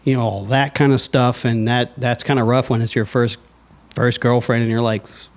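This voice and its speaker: A man in a casual podcast interview tells his personal story with plenty of energy. His voice sits at an ordinary middle pitch, and he keeps breaking into playful quoted voices for his past self. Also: moderate pace. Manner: animated storyteller, acts out his own past thoughts in quoted asides. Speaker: guest sharing his testimony.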